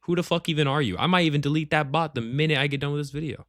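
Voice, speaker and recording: A man with a fairly high, slightly bright voice races through his words on a dry, studio-quality recording. He leads a gaming clan and, from a home he shares with family, ranks its members in a rambling tier list loaded with swearing and slang.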